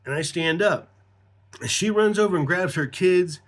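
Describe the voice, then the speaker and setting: Middle-aged male storyteller, slightly high voice, casual, foul-mouthed, rambling. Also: normal speed. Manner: profane, rambling, laughs mid-story.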